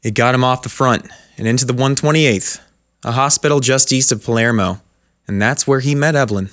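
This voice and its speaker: Measured male story narrator. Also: mid-range voice, fairly bright tone.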